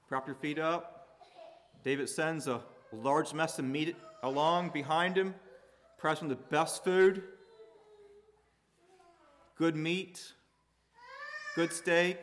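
A man preaching a sermon, building to loud emphatic peaks and dropping low and quiet between points. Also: slight background noise. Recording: hall reverb.

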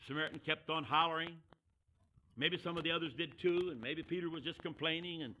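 A man preaching a sermon as a story, animated, acting out the characters and swinging from hollering to hushed. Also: high voice, a little fast, a little hiss or hum, rough recording.

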